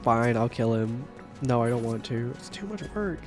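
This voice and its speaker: A man in his thirties chatting casually on a game livestream, rambling and swearing, with sudden loud outbursts. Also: medium pitch, lively intonation, over music. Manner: profane, rambling, quick bursts of shouting. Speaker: streamer. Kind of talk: casual livestream chat while gaming.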